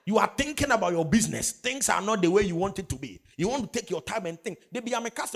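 A man's voice: sits high, big pitch swings, quick pace, few pauses, husky. A man preaching a sermon, emphatic, with call-and-response questions. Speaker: pastor.

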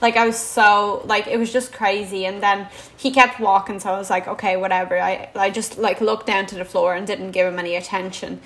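A woman's voice: medium pitch, steady tone, normal speed, hardly any pauses, fairly bright tone, poor audio. A young woman telling a story in a casual vlog, saying "like" constantly. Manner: chatty, says "like" constantly. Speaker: vlogger.

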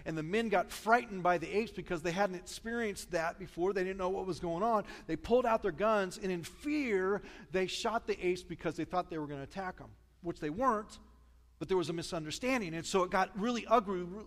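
Chatty Midwestern pastor in a big hall. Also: male voice, high-pitched, brisk. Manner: storytelling, chatty, self-deprecating humor. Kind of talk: sermon. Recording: long reverb of a large church hall.

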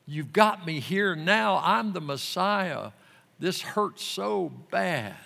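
A male preacher voicing a grieving Jesus, pleading softly with a city that will not listen. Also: sits high, lively intonation, slow, vocal fry, voice pushed up, heavily acted. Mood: sorrowful. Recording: long hall reverb.

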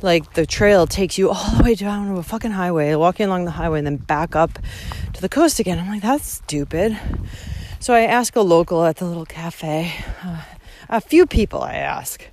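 A woman vlogging while out on a walking route, ranting and rambling with heavy swearing, jumping between loud outbursts and quiet muttered asides. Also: on the low side, brisk, slight background noise. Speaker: vlogger hiking a long-distance trail. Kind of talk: ranting monologue to the listener.

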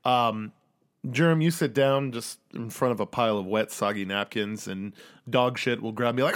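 A man narrating as game master of a tabletop game, lively and often laughing. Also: medium pitch, moderate pace, clear, resonant tone. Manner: lively, laughs often, slips into character voices.

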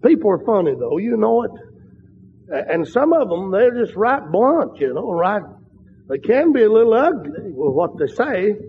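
An older man preaching a sermon with fervent, drawn-out emphatic phrases. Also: sits high, sing-song, slight background noise. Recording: dull lo-fi sound in a large reverberant hall.

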